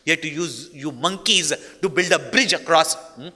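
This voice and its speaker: A man's voice: fairly high pitch, moderate pace, sharp tone, husky, big-room sound, pitched above the performer's own voice. A man voicing a proud young male archer warrior who is boastful and insistent. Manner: pleading and insistent.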